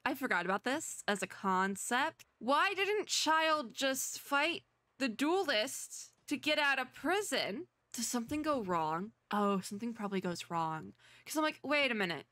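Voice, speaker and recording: A young woman streamer rambling excitedly as she comments on a game she is playing. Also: fairly high pitch, measured pace, no echo. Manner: chatty, excitable, rambling, laughs often. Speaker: VTuber streamer.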